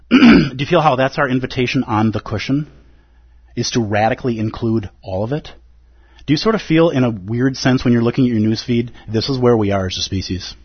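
A man's voice: medium pitch, lively intonation, a little fast, breathy edge, dull audio. A man giving a dharma talk as a meditation teacher, earnest and pleading, with playful asides.

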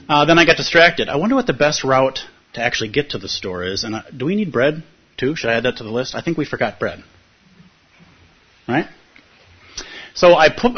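Husky man teaching reflectively. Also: mid-range voice. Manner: thoughtful, often checks in with "right?". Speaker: meditation teacher. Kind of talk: reflective teaching talk with personal story. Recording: dull lo-fi recording.

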